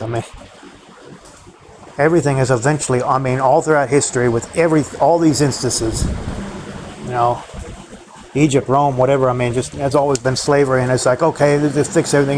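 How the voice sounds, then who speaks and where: A man rambles bitterly to his viewers, swearing often and repeating himself. His voice sits at an ordinary middle pitch. A clear hum of background noise runs under him. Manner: profane, bitter ranting, repetitive. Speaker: vlogger. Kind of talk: rambling solo monologue.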